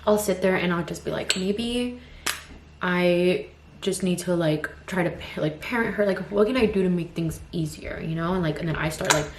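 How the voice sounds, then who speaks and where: At a normal speed and fairly low pitch, a young mother of two toddlers in her twenties vents frankly to her vlog audience while getting ready. Her rambling talk is full of "like" and "you know"; the recording has a slight hiss or hum, a roomy echo and faint ambience.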